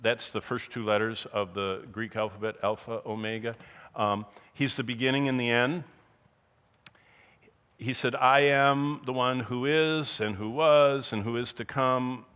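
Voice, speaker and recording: Male Bible teacher, sermon delivery, emphatic, mid pitch, rises to loud points then drops low. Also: steady tone, a little slow, clean tone. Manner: emphatic, rhetorical questions, swings between loud bursts and quiet asides.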